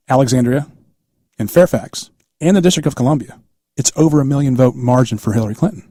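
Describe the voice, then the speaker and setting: A man's voice: mid-range voice, warm tone, no echo, clean studio sound. A man in his fifties guest-hosting a political talk radio show, telling stories in a casual, conversational way and acting out quoted dialogue.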